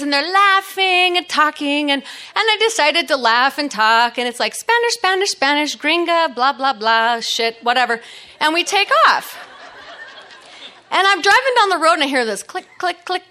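A woman's voice: sits high, bright, forceful tone. A middle-aged woman telling a personal story in a chatty way, laughing often and using lots of fillers.

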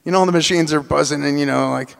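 A man telling a personal story on stage, animated, acting out the voices of people in it. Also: fairly high pitch, fast, gravelly, clear, resonant tone. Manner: animated, acts out quoted voices. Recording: long hall reverb.

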